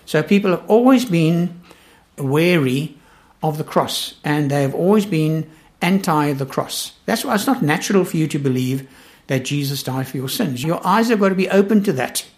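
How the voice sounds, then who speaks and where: A man's voice: on the high side, lively intonation, moderate pace. A man teaching a Bible study in an earnest, emphatic way, repeating his key points.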